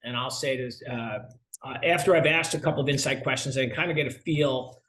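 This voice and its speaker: A middle-aged man, a sales consultant being interviewed, who talks in a lively way and acts out dialogue while telling stories. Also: mid-range voice, fairly quick. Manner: animated storyteller, acts out dialogue. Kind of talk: conversational interview.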